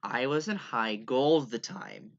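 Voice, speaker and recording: Young male gamer, rambling rant, gravelly voice, dull lo-fi mic. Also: medium pitch, animated, measured pace. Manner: rambling, profane, exasperated. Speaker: gaming YouTuber. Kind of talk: casual rant over gameplay.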